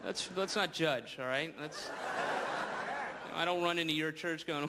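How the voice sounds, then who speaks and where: American comic doing a live set, rambly and sarcastic, noisy club, lots of laughs. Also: male voice, on the high side, takes it slowly, long pauses, over a noisy crowd. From United States. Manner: sardonic, rambling asides, "you know?". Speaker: stand-up comedian. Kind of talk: stand-up comedy set. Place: comedy club stage. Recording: live club, loud audience laughter and noise.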